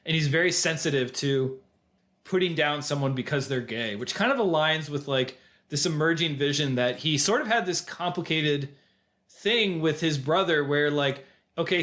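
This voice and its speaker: Animated male podcast co-host. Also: on the high side, normal speed. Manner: animated retelling with quoted voices. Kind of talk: casual film discussion.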